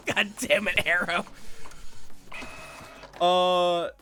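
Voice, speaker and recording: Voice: mid-range voice, steady tone, very slow, fairly bright tone, faint music behind. A streamer in casual live-stream chat while gaming, rambling and cutting themselves off mid-thought as they talk to viewers. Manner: rambling, self-interrupting, chatty with viewers.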